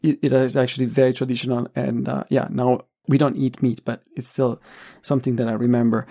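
A man hosting a podcast, talking in a relaxed way with frequent pauses and fillers. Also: medium pitch, creaky. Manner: relaxed, thoughtful, many fillers. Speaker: podcast host. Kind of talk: casual conversation.

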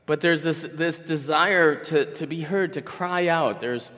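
Long hall reverb surrounds this man in his sixties as he gives a conversational sermon as a guest pastor, telling rambling stories and restarting frequently. His voice is a little high, unhurried and a bit bright.

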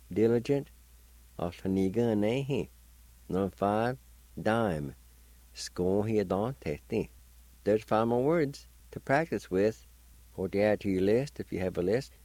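A man giving a patient pronunciation lesson, spelling out letters and repeating each syllable slowly. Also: lowish voice, mellow, no echo. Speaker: language teacher and radio host. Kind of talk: slow word-by-word pronunciation lesson.

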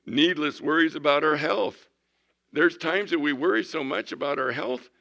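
A man in his sixties preaching a folksy sermon, swinging from loud bursts to hushed tones. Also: on the high side, normal speed, creaky. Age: 60s. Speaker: pastor.

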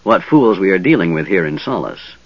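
A man's voice: low-pitched, sing-song, a little fast, breathy edge, no echo, full character voice. A man voicing Fewmaster Toda, a fat, sneering male hobgoblin commander with a pompous, heavily accented way of talking, in a dull lo-fi audiobook recording. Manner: pompous, thick accent, self-important. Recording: dull lo-fi sound.

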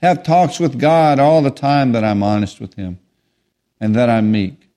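A man preaching a sermon, emphatic and repetitive, swinging between raised declarations and quiet asides. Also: medium pitch, fairly even intonation, measured pace.

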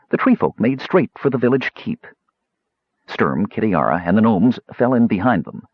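A man reading fantasy fiction aloud as an audiobook narrator, steady storytelling with varied voices. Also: lowish voice, moderate pace, breathy edge, dry recording, lo-fi sound. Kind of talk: scripted narration.

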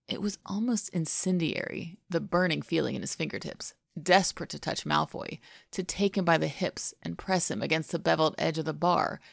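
A woman narrating a fan fiction story aloud in an even, intimate storytelling way. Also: low voice, gravelly, dry recording, clean studio sound. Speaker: podfic reader.

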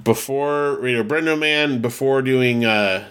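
A man's voice: mid-range voice, measured pace, fairly bright tone, smooth. A man co-hosting a casual podcast, rambling and correcting himself as he reads out listener mail. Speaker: podcast co-host. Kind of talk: casual chat.

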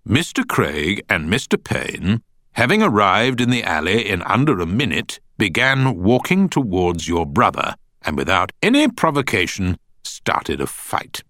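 A cool trial barrister, read by a male narrator pressing a witness with measured, pointed questions. The voice sits low but moves a good deal in pitch. The recording is dry and close. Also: wildly swooping pitch, pushed and bright, dry recording, exaggerated voice. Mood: probing. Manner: measured, pointed cross-examining. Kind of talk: audiobook character voice.

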